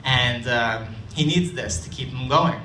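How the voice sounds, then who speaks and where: A young man telling a personal story on stage at a storytelling night, conversational and self-deprecating, with halting restarts. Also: mid-range voice, pushed and bright, slight background noise. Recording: roomy live hall, distant mic, faint ambience.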